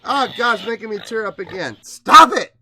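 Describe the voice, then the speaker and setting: A man hosting a music reaction video, emotional and excitable, moving between hushed awe and loud outbursts. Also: high-pitched, moderate pace, dry recording. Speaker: reaction channel host.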